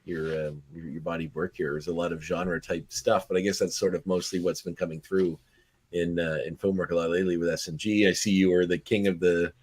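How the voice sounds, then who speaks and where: A man hosting a podcast interview, asking questions in a halting way with many restarts. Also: low voice, flat delivery, darkish tone, slightly rough, dry recording. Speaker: podcast host.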